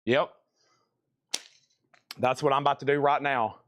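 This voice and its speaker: A man's voice: mid-range voice, fairly even intonation, unhurried, a bit bright, dry recording, clean studio sound. A man hosting a live sale stream, rambling and talking to himself as he works, a bit out of breath. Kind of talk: casual live-stream chat.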